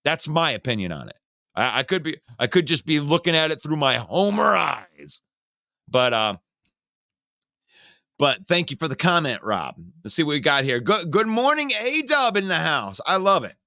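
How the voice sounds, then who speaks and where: A man hosting a live-streamed football talk show, casually greeting viewers by name, reading comments and giving opinionated, animated takes. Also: fairly high pitch, moderate pace, creaky, no room sound, clean studio sound. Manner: opinionated and animated, rants with sarcasm. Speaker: sports talk show host.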